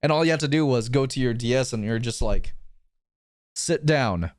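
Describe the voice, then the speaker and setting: A man's voice: mid-range voice, fast, darkish tone, no echo, clean studio sound. A young man chatting casually on a stream, rambling and swearing as he tells stories about himself. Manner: rambling, swearing, self-mocking.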